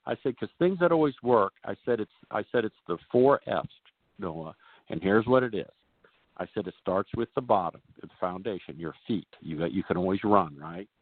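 A male tennis coach, a guest on a radio show, telling stories in a folksy, animated way and acting out the players he quotes. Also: fairly low pitch, normal speed, breathy edge, no room sound. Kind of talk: radio interview storytelling. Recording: dry tinny phone line.

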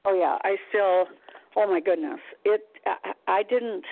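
A woman, telling her story in a casual interview, chatty and animated, with sighs and laughs. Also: medium pitch, measured pace, no room sound. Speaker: guest, psychic. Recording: tinny phone-like line, dry.

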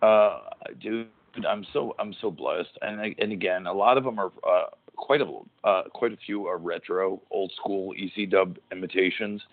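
A deep-voiced middle-aged man chats casually on a podcast. He rambles, swears often and breaks off mid-thought. The audio is narrow and tinny, like a phone call. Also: moderate pace, few pauses. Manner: rambling, profane, restarts mid-sentence. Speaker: podcast host, former pro wrestler. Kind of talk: casual chat.

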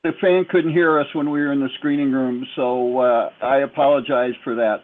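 Brisk man on a phone line. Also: mid-range voice, fairly even intonation. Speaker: show staff screening callers. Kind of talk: casual radio chat. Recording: tinny phone-line audio.

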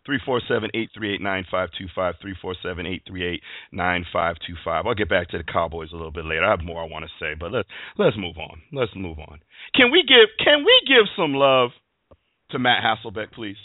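A man's voice: deep voice, lively intonation, brisk, dry recording. A man hosting a sports talk show, ranting emphatically about football. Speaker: show host. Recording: dry phone-like line.

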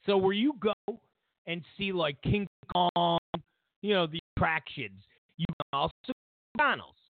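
A man's voice: high voice, lively intonation, measured pace, vocal fry, phone-quality sound, slight background noise. A man hosting a political commentary show, ranting sarcastically and incredulously, stammering through restarts.

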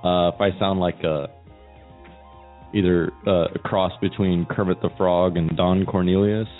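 A man's voice: sits low, steady tone, unhurried, narrow, tinny audio, faint music behind. A middle-aged man hosting a podcast in casual chat, fighting a cold and joking at his own expense. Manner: joking, self-mocking. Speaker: podcast host.

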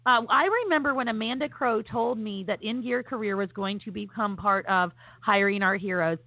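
A woman's voice: medium pitch, steady tone, normal speed, no echo. A woman co-hosting a casual podcast chat, talking with enthusiasm and emphasis, with many fillers. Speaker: podcast co-host. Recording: phone-like audio with faint noise.

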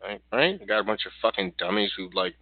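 A man co-hosting a casual wrestling podcast, blunt and quick to swear and laugh. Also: on the low side, noisy background. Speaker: podcast co-host. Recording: tinny phone-like line.

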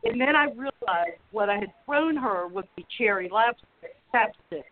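A woman from Florida calls in and tells a story in a chatty, easygoing way. Her voice sits at a medium pitch and comes through a thin, phone-like line. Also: animated, moderate pace, a crowd in the background. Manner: chatty, laughs while telling a funny story. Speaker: caller sharing a story. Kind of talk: casual storytelling on a call-in show.

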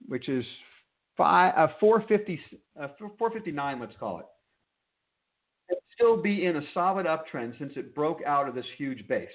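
Emphatic man teaching trading, phone-like audio. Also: a little high. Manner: emphatic, checks in with "okay?". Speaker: trading desk host. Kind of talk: market commentary lesson.

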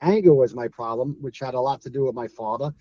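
This guest, a former streetball player from Brooklyn in middle age, shares stories in a laid-back interview with a thick New York accent. Animated and quick to laugh, he performs the voices of those he quotes. He talks fast in a mid-range voice, and the lo-fi recording has no room sound.

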